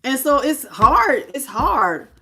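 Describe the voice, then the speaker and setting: A woman's voice: sits high, slow pace, a little hiss or hum. Emotional woman doing a tarot reading. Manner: emotional, expressive, greets live chat. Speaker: tarot reader.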